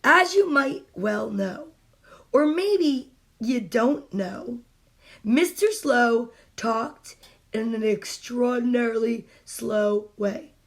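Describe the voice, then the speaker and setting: A woman's voice: fairly high pitch, expressive, slow pace. A woman reading children's storybooks live from home, playful and chatty, greeting her viewers by name between pages. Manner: playful, exclaims over the pictures.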